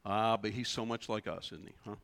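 A man's voice: fairly low pitch, steady tone, brisk, a bit bright. A male pastor giving a sermon in a church, speaking conversationally and animatedly with many rhetorical questions.

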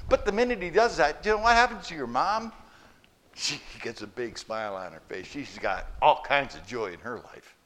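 A male pastor delivering a sermon in a church. He tells stories and keeps turning questions back to the congregation, at a middling pitch for a man. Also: expressive, normal speed, fairly bright tone. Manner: storytelling preacher, asks the congregation questions.

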